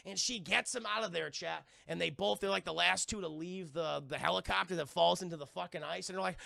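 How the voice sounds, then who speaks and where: A man giving an excitable, profane live-stream film review, talking straight to his chat and acting out scenes. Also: high voice, brisk, vocal fry, no room sound, studio quality.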